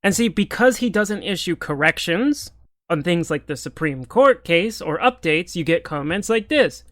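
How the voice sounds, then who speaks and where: A man's voice: high voice, expressive, moderate pace, fairly bright tone, no echo. A man ranting in political commentary, exasperated, sarcastic and profane.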